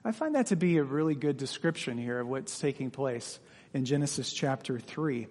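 A man's voice: mid-range voice, expressive, normal speed, darkish tone. A male pastor reading scripture aloud and explaining it in a plain, conversational way during a sermon. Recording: long hall reverb.

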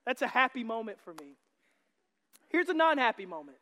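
A male pastor delivers a sermon in a church sanctuary, his voice pitched unusually high. He teases the congregation with jokes and lifts to shouted emphasis on his main points. Long reverb hangs in the hall around him. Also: very animated, moderate pace. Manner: joking and teasing, rising to shouts.

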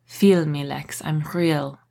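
Soft, low, French-accented young man, voiced by a woman, worried, gentle. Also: steady tone, slow pace, vocal fry, exaggerated voice. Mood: tender.

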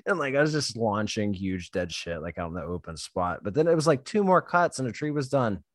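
A man's voice: lowish voice, big pitch swings, brisk, no room sound, studio quality. A man telling a story about his tree job in casual chat, swearing a lot and laughing often as he acts out what people said.

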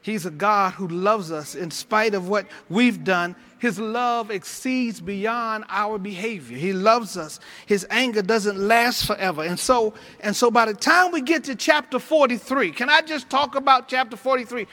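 A man preaches with a very high, bright, forceful voice, rising and falling with churchy fervor. He repeats his phrases, stumbles and restarts, and calls out to his congregation. His speech carries a flavor. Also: measured pace, hardly any pauses. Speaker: pastor. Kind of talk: sermon.

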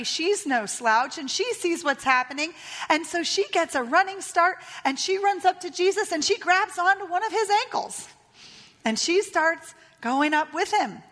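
A woman pastor in her thirties preaches with a high, bright-pitched voice, spinning a story and voicing its characters. Her words ring out with the long reverb of a church hall. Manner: storytelling, retelling a tale with voiced lines. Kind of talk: sermon.

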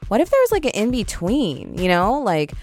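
A woman's voice: huge pitch swings, normal speed, darkish tone, soft background music. A young woman hosting a solo podcast, talking casually and candidly with emphatic swings in her voice. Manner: chatty, candid, emphatic with pitch jumps. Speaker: podcast host.

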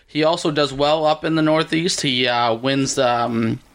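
A man's voice: medium pitch, little pitch movement, measured pace, fairly bright tone. A man co-hosting a golf podcast, listing his picks and wrapping up the episode in an upbeat way. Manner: upbeat, wraps up the show. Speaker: podcast co-host. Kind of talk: casual golf betting chat.

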